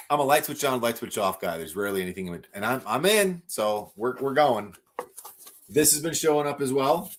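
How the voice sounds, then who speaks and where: Man, live unboxing host, excitable, trips over words, mid-pitch voice, casual chat. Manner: excitable, gushing, stumbling restarts. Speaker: toy collector livestream host.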